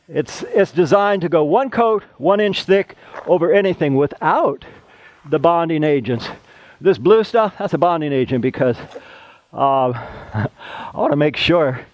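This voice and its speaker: A man's voice: fairly high pitch, darkish tone, dry recording, muffled recording. A middle-aged man, a plasterer, giving a casual how-to demonstration, chatty and rambling into side stories.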